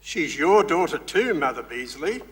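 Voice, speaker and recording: Plain amateur man as a husband, bright tone. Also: fairly high pitch, big pitch swings, measured pace, slightly rough, exaggerated voice. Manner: plain amateur line reading. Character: stolid husband. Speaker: audience volunteer.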